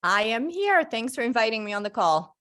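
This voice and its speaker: A woman gives a motivational talk as a guest on a conference call. Her voice sits a little high, and her delivery is energetic and emphatic, full of upbeat conviction. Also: fairly quick. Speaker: guest speaker.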